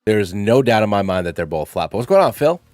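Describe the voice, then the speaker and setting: Low-voiced man rambling through casual commentary. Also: sing-song, quick pace, darkish tone, no room sound, studio quality, faint music behind. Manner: rambling, playful, thinks aloud with fillers. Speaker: channel host.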